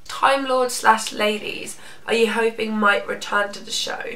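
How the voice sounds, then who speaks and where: Young Norwegian-accented woman, excitable fangirl co-host; high, fry-edged voice, roomy off-mic sound. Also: a little slow, distant mic. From Norway. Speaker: co-host reading fan questions. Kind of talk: casual Q&A chat. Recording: echoey room, off-mic.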